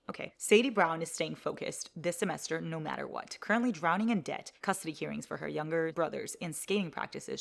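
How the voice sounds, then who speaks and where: A woman book vlogger chatting casually, rambling along with excited gasps and the odd curse word. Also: lowish voice, gravelly. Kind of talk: casual vlog chat.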